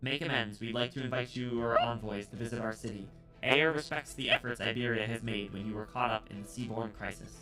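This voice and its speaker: A man voicing a charismatic female alien consul who speaks through a drone, in a measured, formal diplomatic manner. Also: mid-range voice, over music, close to an everyday voice, poor audio. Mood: formal, courteous.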